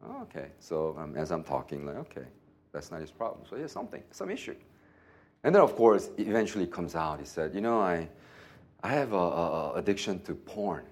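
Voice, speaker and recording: A pastor preaching a sermon, telling a story with lots of laughter and acted-out dialogue. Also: male voice, deep voice, fairly quick. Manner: animated, laughing often, acts out dialogue.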